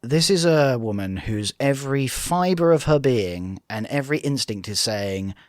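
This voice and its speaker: A man's voice: medium pitch, animated, unhurried, dry recording, clean studio sound. A man co-hosting a casual reality TV reaction chat, breaking the show down analytically. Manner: analytical, mimics voices in quotes.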